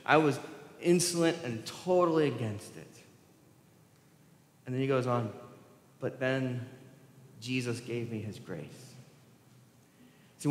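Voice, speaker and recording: A male pastor delivers a sermon in a relaxed, conversational way, tossing questions to the congregation and chuckling between points. His voice sits in a middle register. The sound carries a long, roomy reverb from the church hall. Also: mid-range voice. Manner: conversational, asks the congregation questions, laughs often. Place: church sanctuary.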